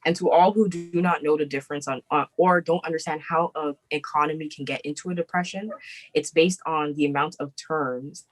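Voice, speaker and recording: A woman's voice: deep voice, fairly even intonation, a little fast, poor audio. A woman co-hosting a podcast, chatting casually and emphatically, often breaking into laughter. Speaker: podcast co-host. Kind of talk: casual chat.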